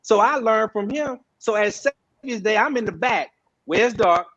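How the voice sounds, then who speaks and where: A man with a high voice tells stories in a panel discussion. He talks conversationally and acts out the voices of the people he quotes. The recording sounds dull and lo-fi. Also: lively intonation, moderate pace, fairly bright tone. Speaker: guest, social media organizer. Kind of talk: animated storytelling in a panel discussion.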